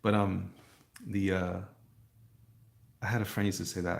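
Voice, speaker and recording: A man's voice: sits low, little pitch movement, unhurried, creaky, pauses often. A man hosting a live stream, chatting casually with viewers while he draws, rambling and poking fun at himself. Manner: rambling, self-mocking, chuckles often; talks to the chat.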